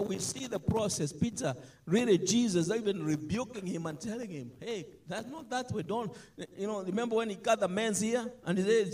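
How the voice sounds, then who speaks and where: A man preaching a sermon, animated, swinging between loud emphatic lines and soft asides. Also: sits high, husky.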